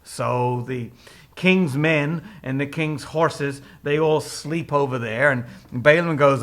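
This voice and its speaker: A man retelling a Bible story in a casual, animated way, laughing often and breaking into character voices. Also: on the high side, slow pace.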